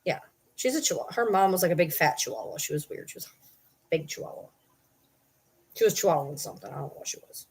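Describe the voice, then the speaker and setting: Woman vlogger. She is casual, profane and rambling, and her pitch swings widely. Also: expressive, quick pace, long pauses, darkish tone, breathy edge. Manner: profane, rambling, talks to her dogs mid-sentence. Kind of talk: casual chat to camera.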